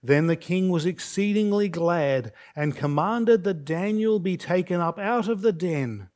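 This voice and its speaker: Male preacher, somewhat high-pitched, unhurried, deliberate expository sermon. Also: darkish tone. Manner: deliberate, measured preaching with slow emphatic phrases; reads scripture aloud with raised pitch for quoted speech. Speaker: pastor.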